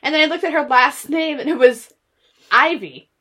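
A woman's voice: high-pitched, moderate pace, fairly bright tone. A woman chatting casually on a stoner vlog, stoned, coughing and laughing, with crude slang. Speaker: vlogger.

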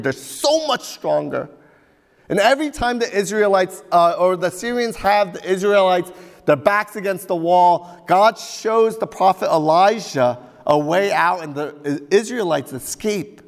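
A man preaching a sermon as pastor, telling a story in a lively, conversational way with asides to the congregation. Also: high-pitched, big-room sound.

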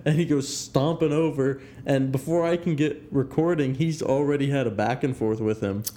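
A man's voice: medium pitch, moderate pace, dark tone. A young adult man co-hosting a podcast, telling a story in a laid-back, rambling way and laughing along as he goes. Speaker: podcast co-host. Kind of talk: casual storytelling chat.

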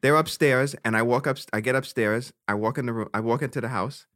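Speaking a little fast at a medium pitch, this young man is co-hosting a podcast. His long, casual story is full of swearing and laughter, delivered with plenty of animation.

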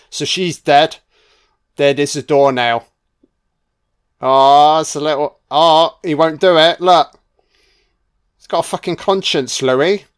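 A man's voice: mid-range voice, clean tone. A man giving a casual, crude audio commentary while watching a film. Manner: crude, chatty, sweary.

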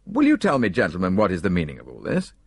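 A man's voice: deep voice, wildly swooping pitch, quick pace, vocal fry, husky, dry recording, studio quality, exaggerated voice. A man voicing a stiff, demanding building manager.

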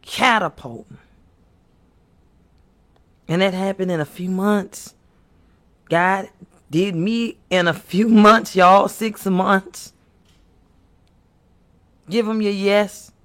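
Guy with a high voice preaching at the camera, slow and pleading. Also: steady tone, fairly bright tone. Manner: earnest, pleading, repetitive exhortation. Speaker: faith speaker.

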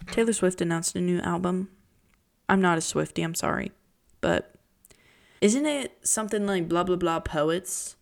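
A young woman talks through her own podcast in loose, casual chat, with a slightly low voice. She is chatty and dramatic, jumping between pitches and dropping into whispers. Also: unhurried, vocal fry, pauses often, darkish tone. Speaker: podcast host.

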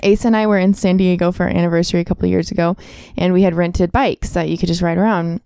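Woman podcast cohost, warm mellow voice, chatty, laughs a lot, dry close sound. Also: fairly low pitch, steady tone, clean tone, no room sound. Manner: laughs often, quick reactive storyteller. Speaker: podcast co-host. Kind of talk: casual chat.

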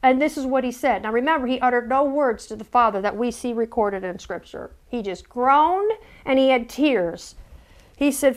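A woman with a high voice preaches an earnest sermon. She stumbles over repeated words as she builds her point and turns to her listeners with direct questions. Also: normal speed.

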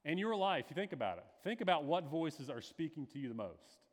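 Male pastor, sermon delivery, slightly higher voice, long hall echo; dramatic, acts out quotes. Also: sing-song, a little fast.

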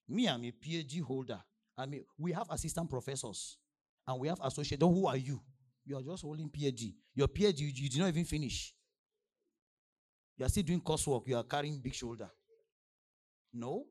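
A young adult man from Nigeria with a Nigerian accent, preaching a sermon with big swings between shouted declarations and quiet asides. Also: on the high side, expressive, fairly quick. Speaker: pastor.

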